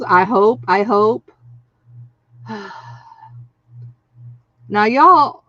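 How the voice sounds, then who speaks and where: Woman livestream host, slow and chatty, excitable, dull dry lo-fi recording. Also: mid-range voice, no echo. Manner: chatty, excitable, laughs often, reads out viewer names. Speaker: craft channel host. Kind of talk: casual livestream chat.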